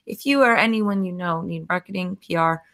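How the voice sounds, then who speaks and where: A woman's voice: lowish voice, brisk, a bit bright. A woman hosting a casual chat show, upbeat and chatty, with lots of fillers. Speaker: podcast host.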